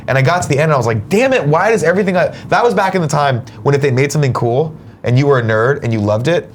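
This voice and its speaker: A man hosting a morning talk show, reading viewer tips aloud in a wry, animated way, a little stuffed up. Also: medium pitch, quick pace, a little hiss or hum. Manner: wry, animated, swears casually. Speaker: host.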